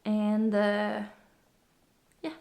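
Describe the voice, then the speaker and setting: A woman's voice: mid-range voice, monotone, extremely slow, creaky, a little mellow. Breathless woman chatting on her podcast. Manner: rambling, with frequent fillers and restarts. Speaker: podcast host. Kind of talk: casual chat.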